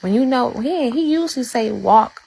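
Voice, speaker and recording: Gravelly woman preaching on a livestream. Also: mid-range voice, steady tone, normal speed, a little mellow, low-quality recording. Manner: fervent, repetitive, talks straight to viewers. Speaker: livestreamer sharing faith testimony. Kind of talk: livestream faith testimony, preachy.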